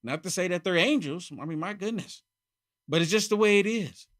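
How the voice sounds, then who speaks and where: A man delivers a political commentary monologue in a high-pitched, sharp, forceful voice. He hammers his points by repeating phrases, jumping between loud outbursts and low, muttered asides. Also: brisk. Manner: emphatic, repeats phrases for effect. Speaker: channel host.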